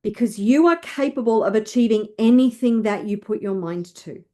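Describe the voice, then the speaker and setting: A woman wealth coach leading listeners through slow, emphatic affirmations to repeat after her. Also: on the high side, lively intonation, mellow.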